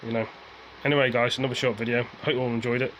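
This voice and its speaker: A man's voice: medium pitch, little pitch movement, racing, a bit bright, slight background noise, poor audio. A man ranting casually to his viewers, rambling and repeating himself as he airs his frustration. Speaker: vlogger.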